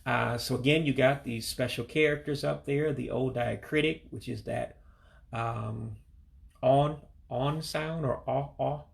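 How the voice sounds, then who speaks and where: Middle-aged male teacher with a heavy gravelly rasp who drills each word slowly and patiently. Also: mid-range voice, fairly even intonation. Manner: slow, repeats each word for practice. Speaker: language learner teaching vocabulary. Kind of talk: casual spoken language lesson. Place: back room at home.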